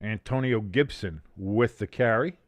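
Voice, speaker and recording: A man's voice: on the low side, measured pace, dry recording. A man hosting a casual sports watch-along stream, doing joking, profane play-by-play and banter. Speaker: livestream host doing play-by-play.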